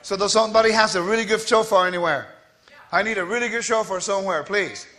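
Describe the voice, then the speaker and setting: A man giving a quick, scattered and playful teaching to a congregation, joking with the listeners as he goes. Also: sits high, sharp tone. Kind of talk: lively spoken teaching.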